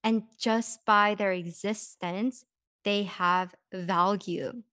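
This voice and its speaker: A woman's voice: medium pitch, fairly even intonation, slow pace, sharp tone, smooth, no echo, studio quality. A young woman hosting a podcast, talking casually and reflectively, with frequent "like" and light laughs. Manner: chatty, says "like" often, laughs lightly. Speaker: podcast host.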